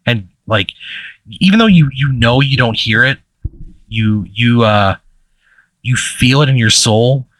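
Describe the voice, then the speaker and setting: A man narrating a tabletop game as game master, casual and halting, with lots of fillers and restarts. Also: mid-range voice, fairly bright tone, no echo.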